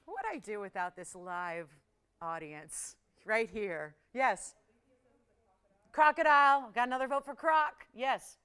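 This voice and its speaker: A woman hosting a live jewelry shopping show, chatty and excitable, often laughing and talking to callers and operators. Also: fairly high pitch, measured pace, smooth.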